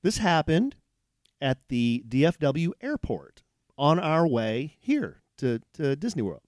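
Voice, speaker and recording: A man co-hosting a podcast from a hotel room, telling a long anecdote in a rambling, animated way with many restarts. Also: on the high side, slow, dry recording, studio quality. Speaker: podcast co-host. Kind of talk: casual storytelling chat.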